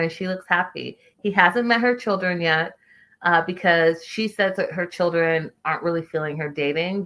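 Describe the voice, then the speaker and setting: Chatty, opinionated woman with a low voice. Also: bright, forceful tone. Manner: chatty and opinionated, reads viewer comments aloud. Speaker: reality TV recap host. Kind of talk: casual recap commentary.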